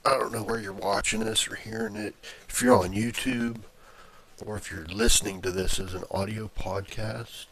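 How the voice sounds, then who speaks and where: Man with a very low voice, casual self-narrated screen recording on a desk mic, rambling delivery. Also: steady tone, normal speed, a bit bright. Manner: rambling, with many fillers and restarts. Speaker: video blogger. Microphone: plugged-in desk microphone.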